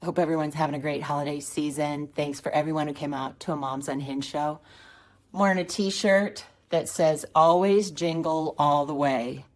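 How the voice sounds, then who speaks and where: Low-voiced woman telling a wry story. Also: fairly even intonation, brisk, darkish tone. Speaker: comedian. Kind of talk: storytelling stand-up clip.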